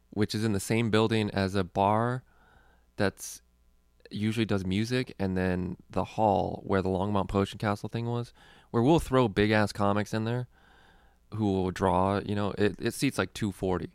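Gravelly low-voiced man, rambling and profane. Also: normal speed, no echo, studio quality. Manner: rambling, profane, laughing often. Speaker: comedian and podcast host. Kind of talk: casual podcast chat.

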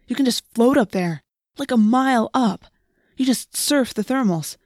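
A woman's voice: a little high, animated, moderate pace, darkish tone, dry recording, clean studio sound, voice pushed up. A woman voicing an earnest teenage boy who talks eagerly about flying, read as part of an audiobook. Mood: excited. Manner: enthusiastic, earnest. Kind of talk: audiobook reading.

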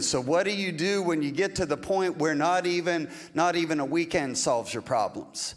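Man preaching a sermon, high-pitched voice, conversational, rhetorical questions. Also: normal speed, few pauses. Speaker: pastor.

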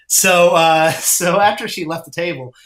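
A man's voice: fairly high pitch, a little slow, fairly bright tone, echoey room. A man telling rambling stories in a casual podcast chat, with lots of fillers. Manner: rambling storyteller, many fillers and laughs. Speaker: comic book writer.

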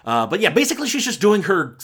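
A man's voice: high voice, wildly swooping pitch, fast talker, a bit bright, breathy edge. A man giving a casual spoken film review on a podcast, rambling and self-correcting with many fillers and exasperated asides.

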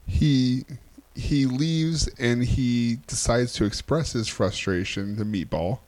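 A man's voice: mid-range voice, slow, darkish tone. A man co-hosting a podcast in casual chat, recapping events and laughing often. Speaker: podcast co-host.

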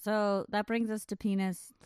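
A woman's voice: mid-range voice, flat delivery, a little slow, a little mellow, clear, resonant tone, no room sound, studio quality. A woman co-hosting a podcast, asking probing questions and analysing films with amusement. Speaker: podcast co-host. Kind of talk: casual movie discussion.

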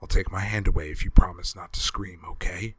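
A tough, protective soldier, voiced by a man reading aloud, talking in a deep, low voice. He is firm and reassuring. The recording is dry and close, like an audiobook. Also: steady tone, a little fast, pushed and bright, breathy edge, dry recording, heavily acted. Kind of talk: audiobook character voice.

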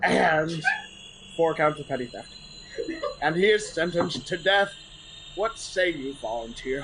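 A man's voice: a little high, expressive, a little slow, fairly bright tone, slight background noise, voice pushed up, low-quality recording. A man voicing a male executioner who proclaims a sentence to a crowd in a tabletop game. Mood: proclaiming. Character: grandstanding male executioner at a public hanging.

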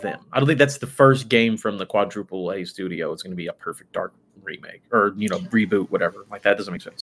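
A man talks quickly in a casual podcast chat. He gives blunt, opinionated takes. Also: fairly low pitch, a bit bright.

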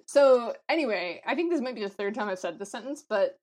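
A woman co-hosting a podcast in casual chat, animated and quick to laugh, with lots of fillers. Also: on the high side. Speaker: podcast co-host. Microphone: remote call.

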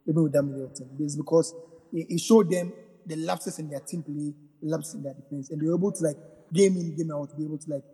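A man with a husky, somewhat high voice chats casually about a series prediction, teasing the others and restarting his phrases. His voice hangs in a long, echoing reverb. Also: steady tone, fast talker, mellow. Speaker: podcast panelist. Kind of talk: casual sports chat.

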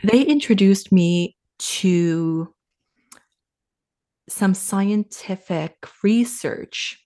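A woman from Finland in her thirties, a guest on a podcast interview, talking in a relaxed, reflective way and turning lively when she quotes herself. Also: mid-range voice, very slow. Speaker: podcast guest, sales coach. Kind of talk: casual interview talk.

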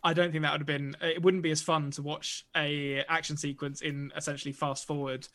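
A man's voice: fairly high pitch, level tone, a little fast, pushed and bright. A man co-hosting a film podcast, talking casually with plenty of fillers and restarts. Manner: chatty, lots of fillers and restarts. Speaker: podcast co-host.

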